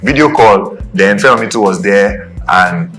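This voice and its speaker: A man's voice: fairly low pitch, measured pace, over music. A young adult man with a Nigerian accent, co-hosting a casual chat and often checking "do you understand". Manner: animated, repeats "do you understand". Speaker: podcast co-host.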